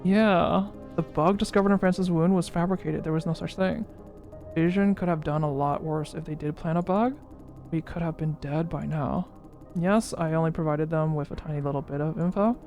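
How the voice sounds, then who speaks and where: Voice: mid-range voice, fairly even intonation, moderate pace, darkish tone, faint music behind. Game streamer reading story dialogue aloud. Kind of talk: voicing visual novel dialogue in a playthrough.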